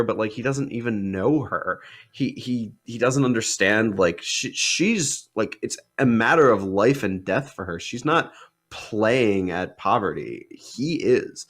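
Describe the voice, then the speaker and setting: A man co-hosting a casual film debate, talking in an animated way with lots of fillers, restarts and sarcastic jabs. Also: mid-range voice, measured pace. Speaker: podcast co-host.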